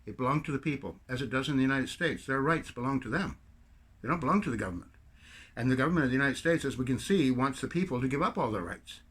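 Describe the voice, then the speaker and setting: A man's voice: mid-range voice, animated, fast, a bit bright, slightly rough. A man from Canada giving a rambling, sarcastic political rant to camera as a video commentator. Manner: rambling, sarcastic storyteller with mocking put-on French bits.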